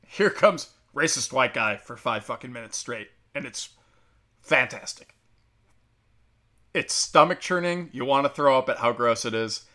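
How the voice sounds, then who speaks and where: A young man rants in a casual, profane commentary, heated and sarcastic, with lots of fillers. His voice is bright and forceful, sitting at a middle pitch. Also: moderate pace, long pauses. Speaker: commentary host.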